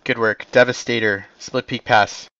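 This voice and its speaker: A man's voice: mid-range voice, fairly even intonation, normal speed, creaky, sharp tone, highs cut off, a little hiss or hum. A man commanding teammates over game voice chat in clipped, radio-style orders. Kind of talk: voice comms, giving orders.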